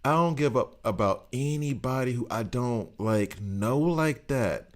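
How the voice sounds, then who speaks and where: A man's voice: mid-range voice, lively intonation, measured pace. A middle-aged man streaming a game, rambling through opinions and laughing often in casual chat. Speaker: gaming streamer.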